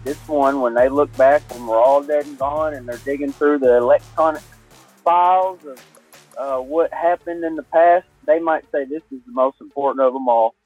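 A man's voice: mid-range voice, moderate pace, darkish tone, faint music behind. A man, a podcast guest talking earnestly and emphatically, often repeating himself. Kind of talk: casual podcast talk. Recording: tinny phone-like line, dry.

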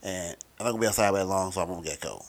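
A man voicing a mumbling teenage boy who brushes off the cold, with a raspy voice. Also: sits low, rapid-fire. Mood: dismissive.

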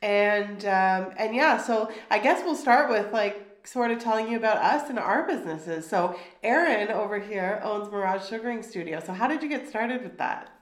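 A woman's voice: fairly high pitch, expressive, normal speed, hardly any pauses. A woman co-hosting a casual podcast, stuffy and nasal from a cold, bubbly and chatty with lots of restarts. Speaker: podcast co-host. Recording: echoey room.

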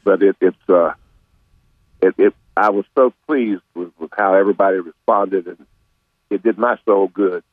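A man's voice: deep voice, normal speed, no echo. An older man telling a rambling story as a radio guest, often repeating words and restarting his sentences. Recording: tinny phone-like line.

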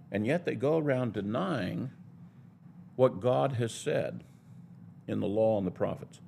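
A man's voice: mid-range voice, measured pace, creaky, warm tone, slight background noise. A man teaching a Bible lesson in a sermon style, building his points in an emphatic, argumentative way.

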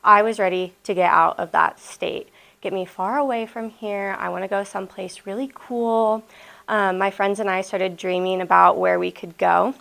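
A young woman from Nebraska, a missionary telling a personal story at a school assembly in a lively, chatty way full of "like.". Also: mid-range voice, normal speed, gravelly. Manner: lively, chatty, many "like" fillers. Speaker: missionary speaker. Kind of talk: storytelling talk.

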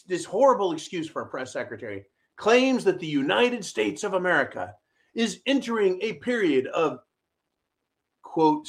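High-voiced sarcastic male political ranter. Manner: sarcastic, mocking, shouty rants with audience asides. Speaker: political commentary host. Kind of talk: ranting political commentary.

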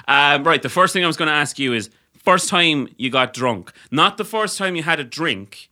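A man's voice: on the high side, lively intonation, moderate pace, pushed and bright. A young Irish man co-hosting a podcast, swearing through mock-wounded banter in casual chat. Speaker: podcast co-host.

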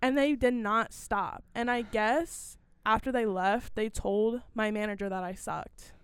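A teenage girl recounts a story on a podcast in an animated, chatty way, leaning on "like" and acting out the dialogue. Her voice is clean and smooth, recorded close and dry with no room sound. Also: a little high, unhurried, no room sound. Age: teens. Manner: animated, filler-heavy retelling with quoted dialogue. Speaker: guest. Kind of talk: casual storytelling.

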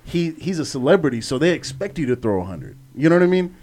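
A man's voice: a little high, sing-song, fast, darkish tone. Profane laid-back male podcast co-host. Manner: loose, profane, laughs a lot. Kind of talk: casual chat.

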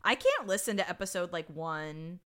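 A woman's voice: lowish voice, normal speed, clear, resonant tone. A young woman co-hosting a casual podcast, giggling and acting out quotes as she tells stories. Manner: giggly, acts out quotes, animated storytelling. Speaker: podcast co-host. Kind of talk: casual chat.

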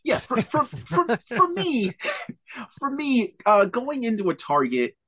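A man co-hosting a podcast in casual chat over a video call, animated and laughing often. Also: very high voice, slow pace, slightly rough. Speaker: podcast co-host.

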